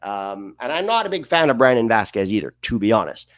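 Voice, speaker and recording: A man's voice: fairly low pitch, big pitch swings, a little fast, no room sound, highs cut off. A man hosting a livestream, giving emphatic, opinionated sports commentary and often tossing in rhetorical questions. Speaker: host of a soccer livestream.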